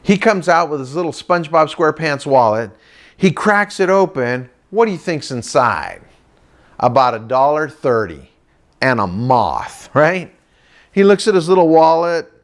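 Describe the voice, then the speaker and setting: Lively storytelling man, higher voice. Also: unhurried. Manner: lively storyteller who breaks into sing-song voices for his characters. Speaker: comedic motivational speaker. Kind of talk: stand-up storytelling to a live audience.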